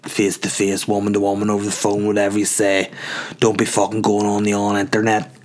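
A furious older woman who runs a fast food shop, all mock politeness that snaps into cursing, as a man puts her on. She scolds customers like naughty children and swears freely. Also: lowish voice, completely flat delivery, close to an everyday voice. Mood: scolding. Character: foul-mouthed older woman takeaway owner, irate.

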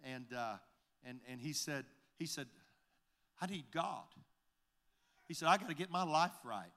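Male pastor, sermon storytelling, slightly high and bright, restarts and repeats a lot while walking through a story. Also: expressive. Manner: recounts conversations, retelling each exchange with repeated "I said, he said"; halting restarts and repeated words.

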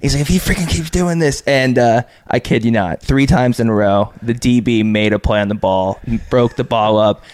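A young man with a middle-pitched voice tells a funny story on a casual sports podcast. He is animated and laughs as he talks. The pace is conversational and loose. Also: moderate pace, hardly any pauses, smooth. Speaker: podcast guest, former player.

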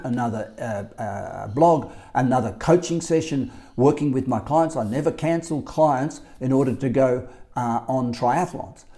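A life coach with an Australian accent talks alone into his podcast mic. His voice sits mid-pitched and mellow rather than bright. He leans on his points emphatically, circling back to repeat them. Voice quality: emphatic, repetitive. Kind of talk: solo podcast monologue.

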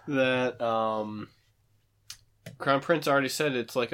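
A man's voice: medium pitch, fairly bright tone. A man with an ordinary mid-range voice chats through a film recap. His delivery is loose and conversational, full of jokey asides and restarts. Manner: chatty, joking, quick asides and laughs. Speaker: podcast co-host recapping a film. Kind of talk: casual chat.

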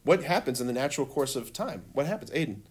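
A man teaching a classroom of children, animated and laughing, calling on students and leading them in call-and-response. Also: medium pitch, fast, husky. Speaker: religion teacher.

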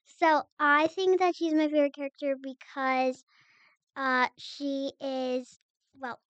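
A teenage girl, a guest on a casual podcast, talking haltingly and searching for words. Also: sits high, little pitch movement, a bit bright, no echo, muffled recording. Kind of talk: casual chat.

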